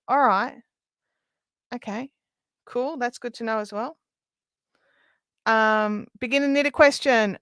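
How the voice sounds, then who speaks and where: A woman's voice: fairly high pitch, a bit bright, no echo, clean studio sound. A young Australian woman hosting a craft livestream, chatting casually while she knits and reads out viewer comments. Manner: chatty, laughing, quick asides with many ums.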